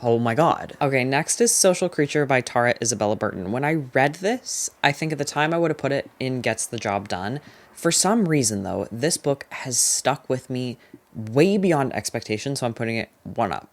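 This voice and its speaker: A young adult chats through a casual book review vlog, opinionated and full of "like" fillers, delivering quick, emphatic verdicts. The voice is mid-range with lively intonation.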